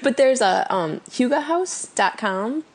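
A woman's voice: fairly high pitch, lively intonation, a little slow, darkish tone. A woman co-hosting a podcast in casual chat, telling stories and laughing often. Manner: chatty storyteller, laughs often. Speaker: podcast co-host.

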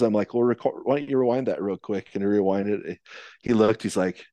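A man's voice: fairly low pitch, fairly quick, warm tone, no echo. A man telling a long story in casual podcast conversation, rambling with many restarts and fillers. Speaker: podcast guest, elk hunter.

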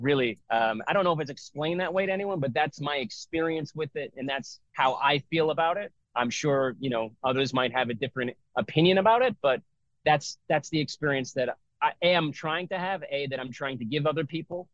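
A man's voice: medium pitch, no room sound. A middle-aged man, a breathwork and yoga teacher, talking loosely in a casual interview, full of fillers and restarts. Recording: slightly dull, dry audio.

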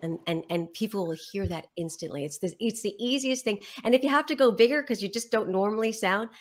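A woman's voice: medium pitch, brisk. A woman who works as a voiceover artist, sharing advice and stories animatedly in a panel conversation, laughing often. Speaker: voiceover artist and guest speaker.

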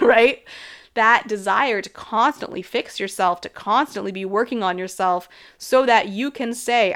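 A woman's voice: medium pitch, fairly bright tone. A woman in her thirties talking alone as a host in a casual way about health and habits, frank and chatty, filling her speech with "like" and laughing often.

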